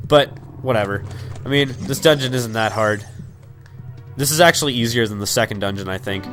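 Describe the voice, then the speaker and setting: A man's voice: medium pitch, a little fast, fairly bright tone. A young man giving casual, rambling gameplay commentary, crude and full of fillers. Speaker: let's play commentator. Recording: game music behind.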